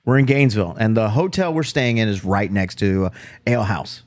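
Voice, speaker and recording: A man co-hosting a podcast, starting his own road story in casual chat and reacting with quick exclamations. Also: lowish voice, lively intonation, darkish tone. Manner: reacts with short swearing exclamations. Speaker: podcast co-host.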